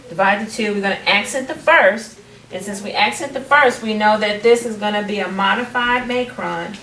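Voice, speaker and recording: Teacher, woman, patient prompting, mid pitch, recorded far from the mic in a reverberant room. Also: a bit bright. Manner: patient, prompting students, restarting phrases. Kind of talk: classroom phonics lesson. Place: classroom. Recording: roomy, distant, faint background noise.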